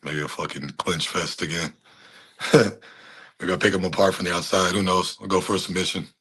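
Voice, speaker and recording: A man's voice: low voice, steady tone, moderate pace, fairly bright tone, slightly rough. A man in his thirties, a fighter giving a casual interview, laid-back, laughing often and swearing casually. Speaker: fighter guest.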